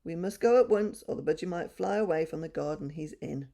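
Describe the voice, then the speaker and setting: Practical calm mother, low and mellow, read by a woman. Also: brisk, creaky. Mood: brisk.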